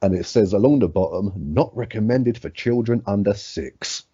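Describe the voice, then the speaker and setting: A man's voice: lowish voice, animated, normal speed, warm tone, husky, no room sound, lo-fi sound. A man co-hosting a casual podcast, sweary and laid-back, reading odd facts aloud. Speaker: podcast co-host.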